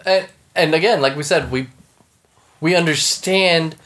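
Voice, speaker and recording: A man's voice: fairly high pitch, unhurried, a bit bright. Laid-back man co-hosting a podcast. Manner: laid-back, swears casually, trailing restarts. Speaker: podcast co-host. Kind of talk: casual chat.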